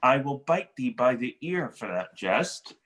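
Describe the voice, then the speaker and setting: During a video-call cold read of a stage play, a man plays a mocking, witty young nobleman. His mid-range voice holds a measured pace, and he performs the teasing wordplay with playful animation.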